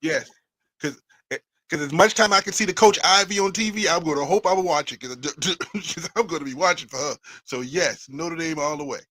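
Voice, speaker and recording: A man's voice: fairly high pitch, brisk, sharp tone. A man co-hosting a podcast, chatting about sports in laid-back, chuckling banter. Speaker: podcast co-host. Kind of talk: casual sports chat.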